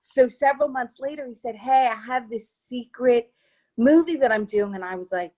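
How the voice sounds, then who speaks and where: A woman's voice: on the high side, moderate pace, mellow, rough recording. A woman being interviewed as an actress guest, chatting casually in a bubbly, gushing way.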